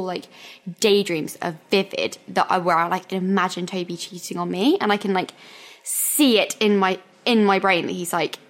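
A young woman chatting casually as a podcast co-host, often laughing through her stories. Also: medium pitch. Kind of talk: casual chat.

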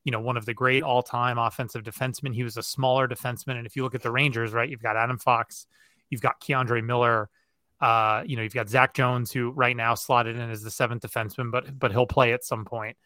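A man's voice: medium pitch, level tone, brisk, sharp tone, dry recording. A man hosting a sports podcast, thinking aloud in a conversational way during casual chat. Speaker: podcast host.

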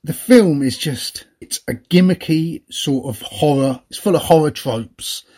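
A chatty man co-hosting a podcast, his voice a little husky. He rambles along in casual talk, laughing easily and often. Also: fairly high pitch, a little slow, darkish tone. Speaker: podcast co-host. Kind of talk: casual chat.

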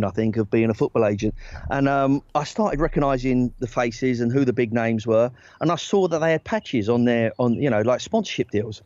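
A man in his own easy voice, telling stories as a podcast guest, stumbling over restarts and then climbing high when the punchline lands. The sound is dry and close, a little dull and muffled, with no room around it. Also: dry recording. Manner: animated anecdotes, rising excitedly, lots of restarts. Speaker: guest, former football agent. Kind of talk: casual storytelling in a podcast interview.

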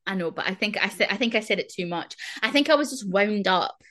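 A woman's voice: mid-range voice, expressive, quick pace, a bit bright. A woman co-hosting a podcast, talking in a chatty, apologetic way. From Scotland. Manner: chatty, apologetic, uses Scottish slang. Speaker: podcast co-host. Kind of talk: casual chat.

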